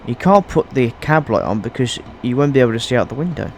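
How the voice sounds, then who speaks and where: Halting man narrating his gameplay. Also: medium pitch, lively intonation, slight background noise. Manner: halting, restarts sentences, rambling asides. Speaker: gaming YouTuber. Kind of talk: casual gameplay commentary.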